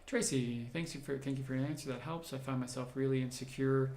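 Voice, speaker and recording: A man's voice: mid-range voice, fairly even intonation, a little fast, darkish tone, roomy sound, slight background noise. A man, a doctor, hosting a livestream Q&A, reading out viewer comments and answering them in a conversational, explanatory way. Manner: conversational, explanatory, thinks aloud while answering.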